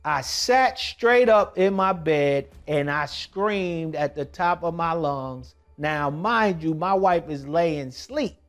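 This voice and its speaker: A man telling a personal testimony in a vlog, moving from hushed tones to emphatic shouting. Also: a little high, expressive, slow, hardly any pauses. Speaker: documentary vlogger.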